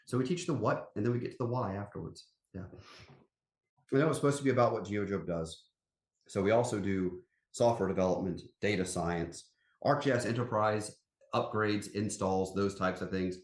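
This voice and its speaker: A man's voice: on the low side, moderate pace. A man, a company CEO chatting as a podcast guest, folksy and emphatic as he tells stories. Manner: animated storyteller, folksy and emphatic. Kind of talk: casual interview chat. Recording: roomy echo.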